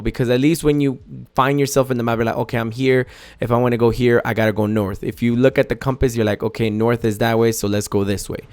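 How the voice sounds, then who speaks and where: A man hosting a gaming channel, talking through a casual step-by-step game tutorial in a chatty way and often correcting himself as he goes. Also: mid-range voice.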